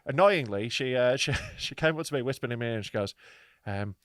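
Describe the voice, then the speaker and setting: A man's voice: medium pitch, expressive, quick pace, fairly bright tone, no echo, studio quality. A man co-hosting a comedy podcast, telling a story in a sweary, playful way and acting out quotes. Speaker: podcast co-host. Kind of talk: casual comedy podcast chat.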